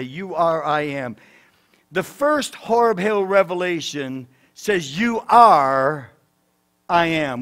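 High-voiced pastor preaching with rising fervor. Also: male voice. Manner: emphatic preaching, swinging between loud declarations and soft asides. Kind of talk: sermon. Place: church sanctuary.

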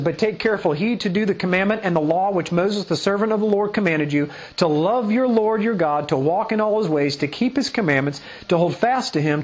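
A man with a notably high voice delivers an emphatic sermon as a pastor. He keeps checking in with the listeners through rhetorical questions and reads scripture passages aloud. The recording sounds a little dull and lo-fi. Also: slightly rough. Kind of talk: sermon teaching.

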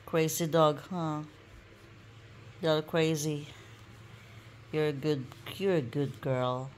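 A woman's voice: sits low, steady tone, slow pace, a little mellow, slight background noise. A woman chatting to her pet dogs at home in a sing-song, coaxing baby-talk voice. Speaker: pet owner vlogger. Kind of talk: casual talk to pets. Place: home with pets.

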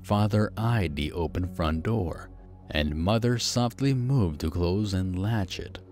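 A man narrating a first-person horror story, slow, hushed and suspenseful. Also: sits low, faint music behind.

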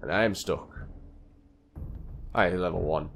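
A man's voice: on the low side, expressive, a little slow, pauses often, background noise. A man giving live gameplay commentary, talking to himself in a flustered way and repeating phrases as he plays. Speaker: gaming channel host.

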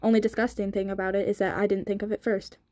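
A woman's voice: mid-range voice, flat delivery, fast talker, mellow, no room sound, natural voice. A woman reading the lines of a cold, ruthless young male gang boss in a storybook reading, dry and dismissive.

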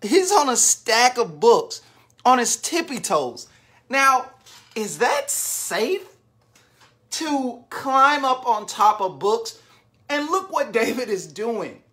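A woman's voice: a little high, very animated, takes it slowly, fairly bright tone. A woman reading a picture book aloud to young children, stopping often to ask them questions and invite them to join in. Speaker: children's story reader.

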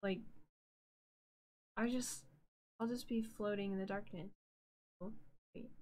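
A woman streamer chatting casually on a live stream from a room at home, bubbly and easily distracted, breaking into excited squeals. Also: mid-range voice, slow pace. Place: home room with green screen.

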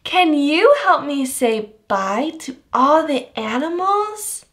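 Very slow, high sing-song woman teacher. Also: very animated, a bit bright. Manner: exaggerated gasps and drawn-out words. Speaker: children's speech educator.

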